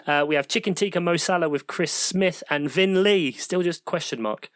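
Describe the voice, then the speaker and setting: Guy, highish voice, chirpy announcer vibe, teasing his mates, dry close sound. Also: normal speed, fairly bright tone, clean tone, no echo. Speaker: podcast co-host. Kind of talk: casual chat, reading out league standings.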